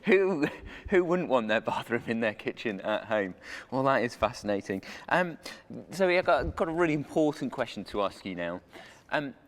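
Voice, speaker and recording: A man's voice: mid-range voice, very animated, moderate pace, few pauses. Jokey man hosting a church kids' show. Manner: jokey, showman-like banter. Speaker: host. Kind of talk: comic kids' chat show segment. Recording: reverberant church hall.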